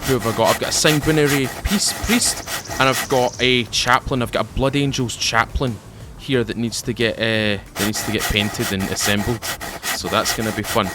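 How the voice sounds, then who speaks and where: A man's voice: medium pitch, steady tone, normal speed, heavy background noise. A man with a Scottish accent giving casual, rambling commentary to his viewers while playing a game, often repeating and restarting his phrases. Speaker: gaming YouTuber.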